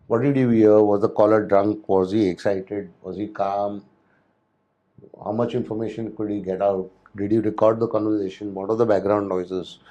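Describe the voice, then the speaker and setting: A man lectures in a relaxed, warm voice of everyday pitch, circling back and restarting his sentences as he explains. The recording sounds dull and a little lo-fi. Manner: loose, repetitive lecturing with many restarts and fillers. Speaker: hospitality security instructor. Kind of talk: spoken lecture.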